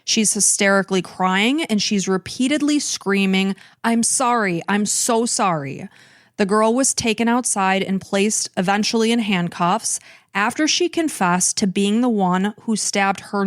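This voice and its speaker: A woman's voice: medium pitch, expressive, normal speed, dry recording, studio quality. Earnest woman narrating true crime. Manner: earnest, recounting events step by step. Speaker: podcast host.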